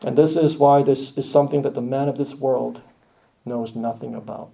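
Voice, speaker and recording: A man preaching a sermon earnestly, rising to loud emphatic lines and dropping to quiet, hushed ones. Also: medium pitch, fairly even intonation, moderate pace, creaky. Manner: earnest, swells loud then drops to near-hushed lines.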